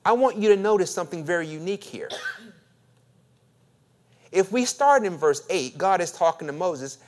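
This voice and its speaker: Lively preacher man. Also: sits high, moderate pace. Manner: animated, joking, acts out voices. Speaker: pastor. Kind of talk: sermon.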